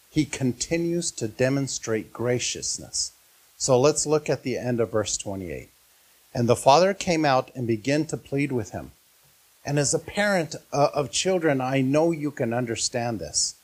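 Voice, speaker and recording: A man preaching a sermon as pastor, earnest and often putting questions to his listeners. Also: medium pitch.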